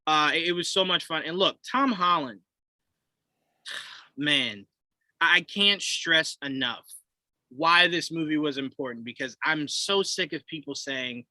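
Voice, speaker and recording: Guy gushing about a movie, super bright voice, kinda high, dry close sound. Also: a little slow, no room sound, rough recording. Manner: animated, acts out characters' lines with pitch jumps. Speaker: podcast co-host. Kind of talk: casual film review chat.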